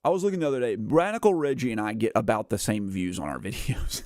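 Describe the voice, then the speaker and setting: Rambling low-voiced streamer guy. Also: animated, quick pace, darkish tone, no room sound, clean studio sound. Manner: rambling, filler-heavy, says "like" and "uh" a lot; chuckles often while talking. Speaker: gaming streamer. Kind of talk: casual livestream chat.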